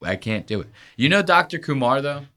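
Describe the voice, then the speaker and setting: Man, podcast host, crude joking banter, bright forceful voice. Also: medium pitch, very animated, fairly quick. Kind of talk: casual chat.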